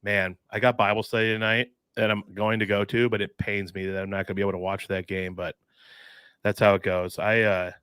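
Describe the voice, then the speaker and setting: A man co-hosting a sports podcast, talking in a lively, upbeat way and often saying dude. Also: fairly low pitch, fairly quick, smooth, dry recording, clean studio sound. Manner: enthusiastic, says dude and mm-hmm. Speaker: podcast co-host. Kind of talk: casual sports chat.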